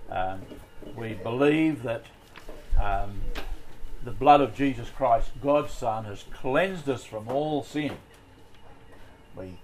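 A man's voice: mid-range voice, a little hiss or hum, poor audio. A man leading a group Bible study, talking in a conversational way with many fillers and restarts.

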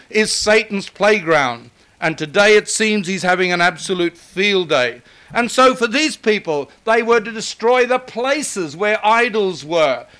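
An older man preaching a sermon, emphatic and building to forceful repetition. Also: sits high.

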